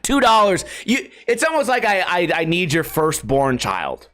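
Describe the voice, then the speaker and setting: A man's voice: high-pitched, wildly swooping pitch, normal speed, sharp tone. A young adult man ranting on a casual podcast, profane and exasperated, putting on mocking voices when he quotes people. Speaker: skateboarding YouTuber.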